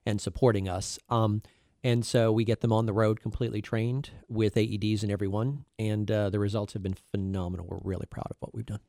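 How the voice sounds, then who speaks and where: A middle-aged man, a cardiologist, speaking as a guest in a radio interview, halting with many fillers and restarts. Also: on the low side, level tone, warm tone, no room sound, studio quality.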